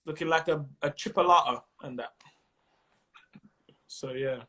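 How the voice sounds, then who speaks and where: A man's voice: a little high, unhurried, pushed and bright. A man with a London accent chatting casually and jokily as a comedian guest on a video call, full of slang. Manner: slangy, jokey, laughs often. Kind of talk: casual chat.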